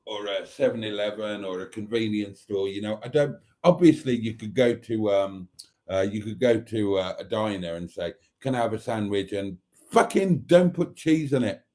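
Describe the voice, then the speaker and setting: A middle-aged British man hosts a live stream, his voice lowish and darkish at a normal speed. He chats and rambles through viewer comments, dropping dry jokes and bits of mock outrage.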